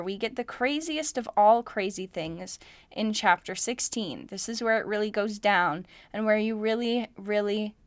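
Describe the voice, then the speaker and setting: A young woman hosts a casual Bible study podcast, reading scripture aloud and interrupting herself with wry, joking comments. Her voice is a little high, and the recording is dry.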